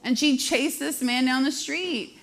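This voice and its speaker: A woman in her thirties hosting a live show, telling brash, self-deprecating comic stories at a quick clip. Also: high-pitched, creaky. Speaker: host. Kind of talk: live comedic storytelling.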